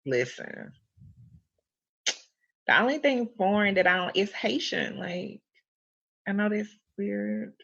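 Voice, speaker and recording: A young adult woman co-hosting a podcast, chatting playfully and breaking into laughter between quick asides. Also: mid-range voice, animated, gravelly, fairly bright tone, highs cut off. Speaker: podcast co-host. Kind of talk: casual chat.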